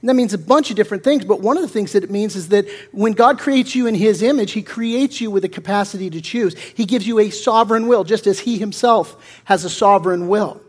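A man's voice: high-pitched, a little fast, hardly any pauses. A male pastor preaching a conversational sermon that mixes jokes into the teaching, talking with lots of fillers and restarts.

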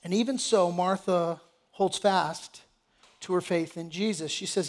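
Male pastor, sermon delivery, mixes scripture reading with plain-spoken paraphrase, hushed emphasis. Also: high voice, moderate pace.

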